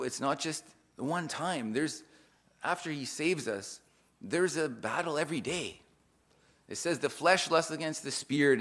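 An earnest man preaching an informal sermon with a medium voice pitched in the usual range for men. He reads scripture aloud, then explains it with restarts. His loudness swells and drops for emphasis.

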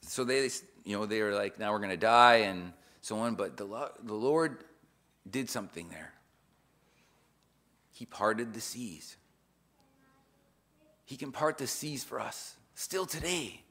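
A man preaching an informal sermon in an earnest way, reading scripture aloud and explaining it with restarts, his loudness rising and falling for emphasis. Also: on the low side, lively intonation, slow pace, long pauses.

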